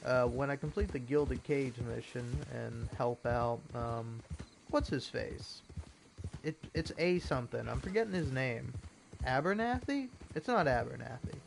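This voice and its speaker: A man's voice: medium pitch, lively intonation, measured pace, gravelly, slight background noise. Swearing man ranting over gameplay. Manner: profane, exasperated rants with mock voices and laughter. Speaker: gaming commentator. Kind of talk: casual gameplay commentary.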